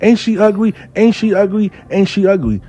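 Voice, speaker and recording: A man's voice: high voice, lively intonation, moderate pace, warm tone, pitched above the performer's own voice. A man voicing an insistent, pleading woman client who keeps repeating herself. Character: pleading woman client wanting her husband back.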